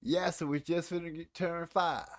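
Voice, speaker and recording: A man in his forties hosts a laid-back live stream, joking with viewers about old movies and reading the chat aloud in a playful, teasing way. His voice sits on the high side, with fairly even intonation and a moderate pace.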